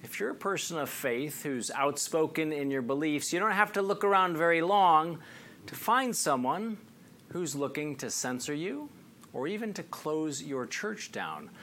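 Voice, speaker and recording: A man's voice: fairly high pitch, fairly bright tone. A man hosting an interview show, introducing a guest and asking questions with emphatic, indignant delivery. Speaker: show host.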